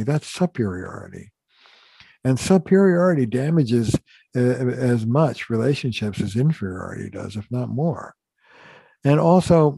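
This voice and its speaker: A man's voice: medium pitch, vocal fry, mellow, no room sound. An older man, a family therapist, telling stories earnestly and with emphasis in a podcast interview, acting out the dialogue he quotes.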